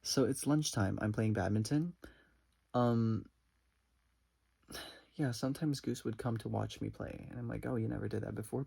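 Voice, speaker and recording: A man's voice: mid-range voice, creaky, mellow, breathy edge. A man telling a personal story as a casual vlog storytime, rambling with lots of "like" and retelling it dramatically. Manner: rambling, many "like" fillers. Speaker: vlogger.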